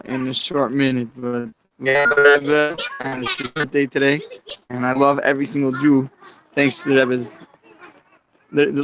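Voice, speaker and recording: A man's voice: medium pitch, a bit bright, a little hiss or hum, poor audio. A man on a group video call sharing earnestly in long run-on sentences. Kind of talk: heartfelt casual sharing.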